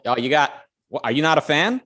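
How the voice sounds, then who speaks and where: A man's voice: a little high, lively intonation, a little fast, a bit bright. Joking man co-hosting a livestream. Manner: loose, joking, with many fillers and restarts. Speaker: co-host. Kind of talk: casual livestream chat.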